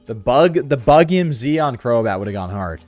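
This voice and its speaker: A young man with a sore throat giving slangy, excitable commentary while playing a video game. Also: mid-range voice, moderate pace, no echo, soft background music. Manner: slangy, excitable, lots of "dude" and "bro". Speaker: gaming video host.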